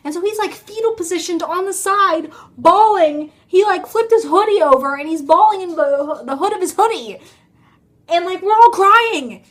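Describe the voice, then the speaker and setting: A woman's voice: very high voice, expressive, normal speed, a bit bright. A young woman telling a rambling, chatty story to her phone camera at home, often stopping herself mid-sentence and laughing. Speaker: vlogger.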